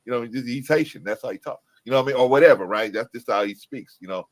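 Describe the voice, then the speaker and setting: A man speaking as a panelist in a casual debate, halting and searching for his words. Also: mid-range voice.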